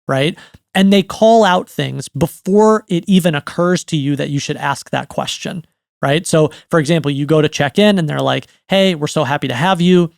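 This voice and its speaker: A man's voice: on the high side, creaky, no room sound, studio quality. A man in his thirties giving a conversational business lesson on writing, often checking in with "right?". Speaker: writing coach. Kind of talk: educational monologue.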